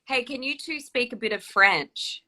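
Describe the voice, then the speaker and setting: A young adult woman, an actress and co-host, chats enthusiastically on a live video stream recorded through a phone. Her voice is fairly high, pushed and bright, at a moderate pace, and she laughs often.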